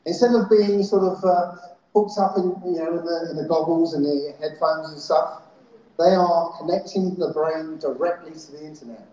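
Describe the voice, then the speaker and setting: The recording is lo-fi and the festival hall very echoey as a conference speaker gives a live talk to an audience. His voice is on the high side and warm, with fairly even intonation and normal speed, and he often checks in with "yeah?" and "right?".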